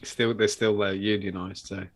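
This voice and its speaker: A man's voice: fairly low pitch, little pitch movement, normal speed. Sweary British man telling stories. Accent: British English. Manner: sweary storytelling, acting out other people's voices. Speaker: vape show host. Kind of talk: casual chat.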